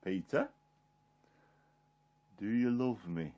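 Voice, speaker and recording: A man voicing Jesus as a calm, gentle teacher in a soft, low tone. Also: normal speed, dull audio, lightly acted.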